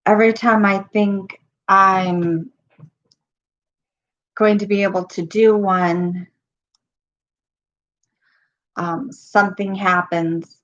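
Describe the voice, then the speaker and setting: Woman, middle-aged, losing her voice, slow, halting, casual live-stream chat. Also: mid-range voice, fairly even intonation, fairly bright tone, lo-fi sound. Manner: halting, with many pauses and ums.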